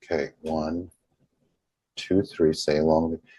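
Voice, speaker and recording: A man leading a group healing session over a video call, speaking slowly and deliberately and softly repeating affirmations. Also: very deep voice, little pitch movement, breathy edge, no room sound.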